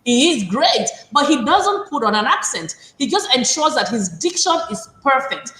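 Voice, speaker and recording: A woman from Nigeria, hosting an online panel and asking pointed, animated questions. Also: high voice, normal speed, echoey room. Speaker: host.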